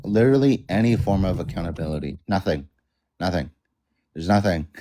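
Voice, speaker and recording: A man speaking as a guest on a livestream, indignant but measured. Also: deep voice, expressive, a little hiss or hum. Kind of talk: heated livestream discussion.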